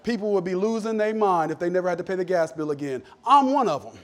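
A man pastor preaching a sermon, calling for amens and swinging between loud emphatic lines and low asides. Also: expressive, quick pace. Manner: call-and-response preaching, asks for amens.

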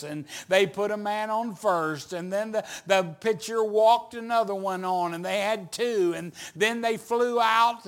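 A middle-aged male evangelist spins a story from the pulpit, his voice unusually high and bright. He takes his time, drawing out the phrases and then rising into shouts. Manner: animated storyteller, builds to shouts. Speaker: evangelist preacher. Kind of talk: storytelling sermon.

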